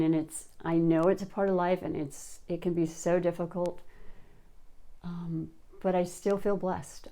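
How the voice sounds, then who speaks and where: A woman's voice: low voice, mellow. A middle-aged woman giving a gushing, heartfelt tarot reading, full of restarts and encouragement. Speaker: tarot reader.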